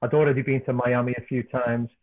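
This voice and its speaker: A man's voice: medium pitch, fast talker. Scouse man telling stories over a tinny line. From Liverpool, England. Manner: animated anecdotes, repeats words when excited. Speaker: podcast guest, author. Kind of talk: casual storytelling chat. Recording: tinny phone-like call line.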